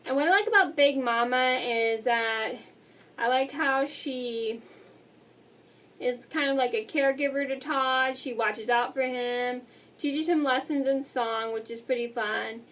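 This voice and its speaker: Young woman in her twenties, high voice, quick rambling vlog talk, heard a bit off the mic. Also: fairly bright tone, recorded from a distance. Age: 20s. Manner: fast, rambling, apologetic. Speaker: vlogger. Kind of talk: casual movie review.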